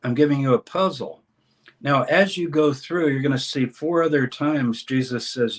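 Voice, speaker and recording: A man explains scripture as an interview guest in an energetic teaching way. He reads passages aloud with dramatic emphasis. His pitch sits in an ordinary middle range. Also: a little slow. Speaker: scholar and course teacher, guest.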